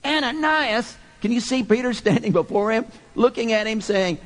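A man delivering a sermon in a high voice that ranges widely. He presses question after question with emphatic force, then pulls back into soft, hushed moments. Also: animated, normal speed, hardly any pauses. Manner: emphatic, rhetorical questioning, dramatic swings from loud to soft. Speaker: preacher.

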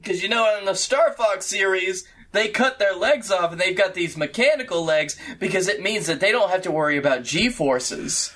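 A man's voice: high-pitched, expressive, normal speed, few pauses, a bit bright. A man co-hosting a comedy podcast, trading dry jokes and nerdy asides. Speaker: podcast co-host. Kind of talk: casual banter.

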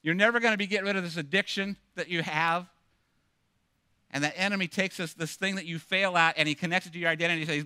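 Male pastor preaching, animated storytelling, bright forceful voice, clear and smooth, dry close sound. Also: on the high side, fast, dry recording. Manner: animated, self-mocking storytelling with many restarts. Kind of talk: sermon.

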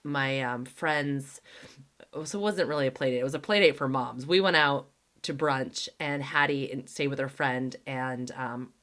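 A woman's voice: very deep voice, unhurried, a bit bright. A woman hosting a podcast and chatting casually, with lots of "like" fillers and acted-out quotes as she tells stories. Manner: chatty, heavy use of "like", acts out quoted dialogue. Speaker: podcast host. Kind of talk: casual conversational storytelling.

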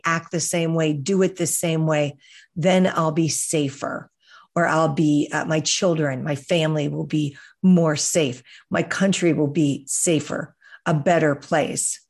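A woman hosting a reflective podcast, talking in a calm, earnest way and gently coaching listeners. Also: deep voice. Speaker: podcast host. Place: outdoors, hears birds and breeze.

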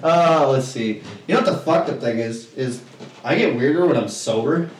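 A man on a podcast, swearing constantly while he retells a bar argument in a loud, animated way. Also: medium pitch, moderate pace, far from the mic, a little hiss or hum. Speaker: podcast co-host. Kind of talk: casual chat, storytelling. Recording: roomy, off-mic sound.

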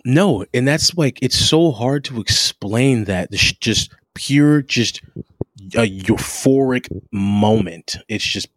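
A man's voice: mid-range voice, animated, no echo, studio quality. A man co-hosting a casual gaming chat, talking with eager emphasis and frequent restarts. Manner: enthusiastic, drawn-out emphasis, many restarts. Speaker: podcast co-host. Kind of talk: casual chat about video games.

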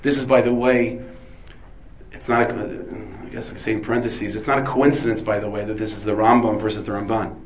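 A man's voice: fairly low pitch, little pitch movement, a little fast, slight background noise, poor audio. A man, a rabbi, giving a Torah lecture full of Hebrew terms, asking and answering his own questions. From United States. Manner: dense with Hebrew and Yiddish terms.

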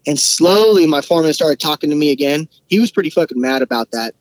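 A man guesting on a podcast, telling work stories in a slangy, swearing, animated way. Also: a little high, fast, no echo, low-quality recording. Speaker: podcast guest, shop technician. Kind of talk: casual storytelling.

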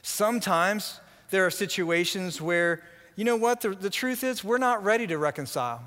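A man preaching a sermon as pastor, animated, acting out quoted voices and often repeating words as he goes. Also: high voice, normal speed, big-room sound.

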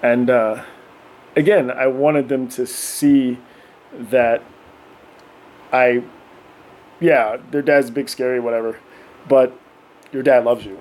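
A middle-aged man telling animated stories in casual podcast chat, often acting out voices and laughing. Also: mid-range voice, takes it slowly, pauses often. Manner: animated, acts out voices of his kids and himself, laughs often. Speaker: podcast guest.

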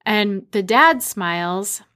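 A woman in her thirties, from the Boston area, telling a personal story in a lively, animated way. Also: medium pitch, slow pace. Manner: animated, acts out quoted dialogue.

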